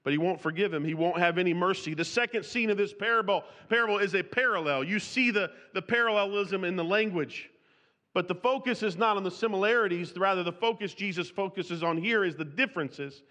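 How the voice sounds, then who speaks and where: A man's voice: high voice, a little fast, sharp tone. A man preaching an expository sermon, reading scripture aloud in old-fashioned wording and often restarting his sentences. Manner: reads scripture aloud in King James wording; restarts and repeats words while speaking freely. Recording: long hall reverb.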